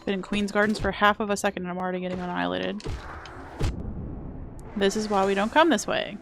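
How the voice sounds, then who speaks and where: A young woman live-streaming a video game, talking casually and half to herself in a chatty, self-deprecating way. Her voice sits at a middling pitch with a gravelly, fried edge, and faint game music plays underneath. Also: steady tone, quick pace.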